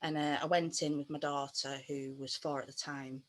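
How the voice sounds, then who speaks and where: A woman in her thirties, a pet bereavement counsellor, telling a personal story on a video call with many pauses and fillers. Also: deep voice, little pitch movement. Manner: hesitant, many fillers and restarts.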